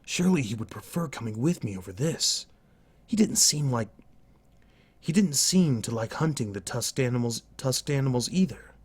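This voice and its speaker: A man's voice: mid-range voice, animated, normal speed, breathy edge, voice pushed up. A man voicing an earnest young male hunter in a storybook reading, in a plain, earnest way.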